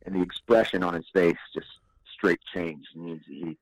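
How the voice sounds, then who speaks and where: A man's voice: low voice, fairly even intonation, normal speed, no echo, poor audio. A man guesting on a podcast, telling stories in a laid-back, rambling way and chuckling often. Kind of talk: casual podcast storytelling.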